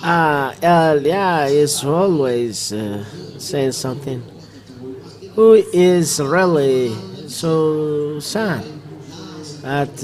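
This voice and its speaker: A man preaching a live church sermon, halting with many fillers and restarts. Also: fairly high pitch, rough recording.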